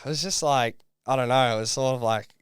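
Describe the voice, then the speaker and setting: A man's voice: medium pitch, fairly quick, clean tone, no echo, studio quality. A young Australian man and reality show contestant, telling his story in a casual podcast interview, rambling with lots of fillers.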